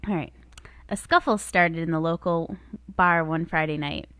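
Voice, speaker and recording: Chatty woman with a low voice. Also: fairly bright tone, clean tone, dry recording. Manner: reads jokes from a list, quick and chatty. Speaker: podcast co-host. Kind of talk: casual chat and reading jokes aloud.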